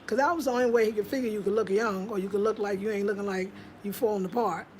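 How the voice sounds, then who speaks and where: A woman's voice: mid-range voice, steady tone, quick pace, slight background noise. A middle-aged American woman talking casually into the camera at home, emphatic and chatty, slipping into voices when she quotes people. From United States. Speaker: vlogger. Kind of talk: casual monologue.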